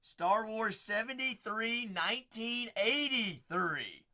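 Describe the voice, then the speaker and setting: Brief: male card-break host, lively pitch, bright edge, unhurried delivery, excitable. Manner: excitable, exclaiming, chatty asides. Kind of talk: live-stream card breaking.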